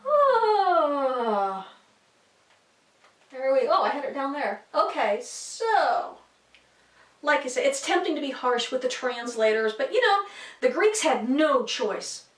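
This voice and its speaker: A woman's voice: high-pitched, expressive, normal speed. A woman explaining a Bible lesson for kids in a chatty, casual way, often checking in with her listeners. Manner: chatty, with fillers and asides, checking in with "okay?" and "right?". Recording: echoey room, mic at a distance.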